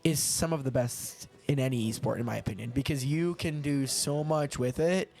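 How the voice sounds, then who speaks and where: A man casting an esports match in a chatty, rambling way, quick to laugh. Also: medium pitch, vocal fry, a little mellow, soft background music. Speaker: esports caster. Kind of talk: casual play-by-play commentary.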